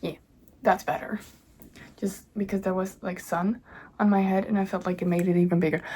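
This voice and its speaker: A woman's voice: medium pitch, steady tone, normal speed, creaky, mellow, husky. A young woman casually chatting about her own book at home, rambling, bubbly and easily sidetracked. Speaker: author and vlogger. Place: home indoors.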